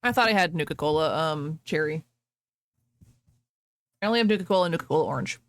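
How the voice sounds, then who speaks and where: A woman's voice: sits low, lively intonation, fast, dry recording. A woman streamer chatting casually with her viewers, rambling, laughing often and breaking off mid-sentence.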